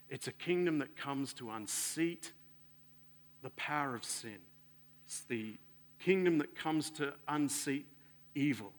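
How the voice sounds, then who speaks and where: A man preaching a sermon in an earnest way, swelling louder and then sinking soft and low.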